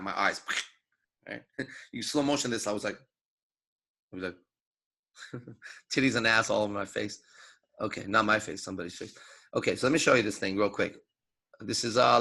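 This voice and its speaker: A man's voice: lowish voice, creaky, bright, forceful tone. A man coaching seduction in a crude, emphatic lecture, swearing constantly and acting out his own thoughts. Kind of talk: profane motivational lecture.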